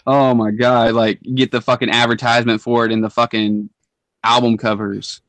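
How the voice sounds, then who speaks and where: A man's voice: medium pitch, little pitch movement, moderate pace, a bit bright, no echo. A young man co-hosting a podcast in casual chat, laid-back and full of slang and swearing. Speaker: podcast co-host.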